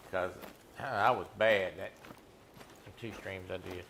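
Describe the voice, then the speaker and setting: A man's voice: sits low, steady tone, measured pace, fairly bright tone, a little hiss or hum. A man streaming a hunting game, chatting and teasing viewers in a laid-back way. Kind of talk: casual gameplay chat with viewers.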